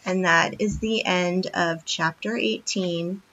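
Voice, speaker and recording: Woman reader, bright and clear, expressive storytelling; lo-fi sound. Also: fairly low pitch, slow pace, a little hiss or hum. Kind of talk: reading a children's book aloud. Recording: dull lo-fi recording.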